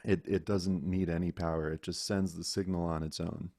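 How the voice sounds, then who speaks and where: A man's voice: low voice, level tone, moderate pace, dark tone, no room sound, clean studio sound. A man teaching an online class about microphones, explaining patiently and showing how mic distance changes the sound. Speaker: audio instructor. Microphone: microphone close up, video call.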